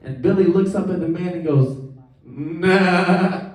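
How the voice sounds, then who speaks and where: A man's voice: a little high, fairly quick, mellow. A male stand-up comedian doing a live set on a club stage, profane and laughing at his own lines. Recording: echoey club from a distant mic.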